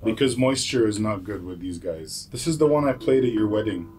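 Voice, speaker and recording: A man in his thirties, a musician from a Lebanese family, chatting in a relaxed, jokey way in his home studio. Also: fairly low pitch, brisk. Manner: laid-back, jokey, laughs easily. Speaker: musician, guest. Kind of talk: relaxed casual chat.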